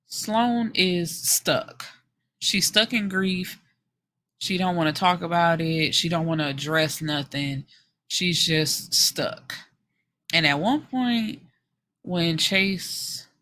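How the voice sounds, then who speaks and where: A woman with a bright, forward tone talks through a novel's plot on her book podcast. She is animated and frank, drops into the characters' lines as she tells it, and swears casually along the way. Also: on the low side, a little hiss or hum. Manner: animated storytelling, slips into character quotes.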